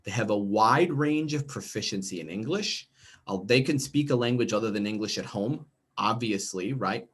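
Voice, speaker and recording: A lowish, fairly bright voice with a breathy edge, moving at a moderate pace, belongs to a middle-aged man from the United States. He's presenting a professional development workshop to teachers on a video call, conversational and often asking "okay?" and "right?".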